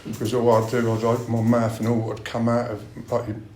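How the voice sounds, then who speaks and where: Frank middle-aged bloke sharing at a meeting, mid-pitched, roomy echo, faint hum behind. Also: male voice, completely flat delivery, a little fast, a little mellow. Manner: blunt, swears a lot. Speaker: recovery meeting speaker. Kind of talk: personal share at a recovery meeting. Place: meeting room.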